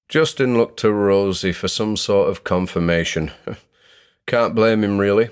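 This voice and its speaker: Young male narrator with a deep, low voice for a measured, suspenseful horror reading. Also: clear, resonant tone. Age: young adult.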